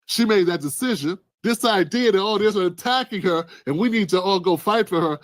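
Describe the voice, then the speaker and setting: A high-pitched man delivering fired-up political commentary. He preaches, punches his points and sometimes shouts. The sound is dry and close. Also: expressive, moderate pace, hardly any pauses, dry recording. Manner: emphatic, preachy, rising to shouts. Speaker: news commentary host.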